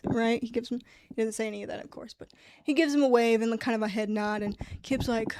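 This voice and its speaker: A young woman chatting casually about a book, rambling, animated and swearing freely. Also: on the high side, quick pace, a little hiss or hum. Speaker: book reviewer. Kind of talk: casual chat.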